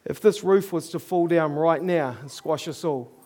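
A noticeably high-voiced yet darkish-toned preacher with a New Zealand accent delivers a narrative sermon at normal speed. He's an earnest, middle-aged man who chuckles as he recounts his own mishaps.

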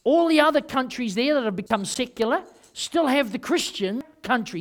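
A man with a New Zealand accent preaching a sermon, rambling and emphatic, swinging between loud and quiet. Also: extremely high pitch, lively intonation, brisk. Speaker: pastor.

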